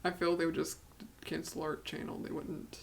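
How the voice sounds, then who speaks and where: A man's voice: on the high side, little pitch movement, normal speed, creaky, noisy background. A man co-hosting a podcast in casual chat, easygoing and dry, with light laughs. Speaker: podcast co-host.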